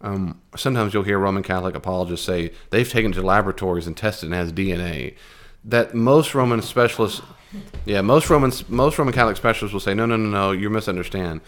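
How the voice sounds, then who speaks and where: Animated, low-voiced man teaching a Bible class. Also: quick pace. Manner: conversational, animated, with frequent fillers and restarts.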